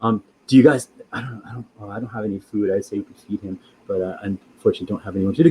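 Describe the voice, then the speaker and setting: A man presenting animals on a live educational show, excitable, stammering and often laughing. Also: on the low side, racing, slight background noise, poor audio.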